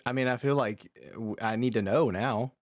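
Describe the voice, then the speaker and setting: A man's voice: medium pitch, brisk, no echo. A man co-hosting a podcast in casual chat, enthusiastic and peppered with dude and bro. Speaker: podcast co-host.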